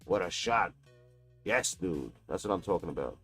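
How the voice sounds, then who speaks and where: A man's voice: sits low, animated, moderate pace, fairly bright tone, slightly rough, faint music behind. A man streaming a basketball video game, taunting and mocking his opponent with a profane, trash-talking manner. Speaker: gaming streamer. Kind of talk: live gameplay trash talk.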